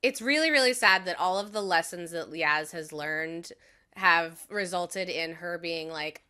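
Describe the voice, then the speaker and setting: A woman's voice: fairly low pitch, a little slow, pushed and bright, smooth. A woman co-hosting a casual TV recap podcast, talking in an earnest, conversational way and often agreeing. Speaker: podcast co-host.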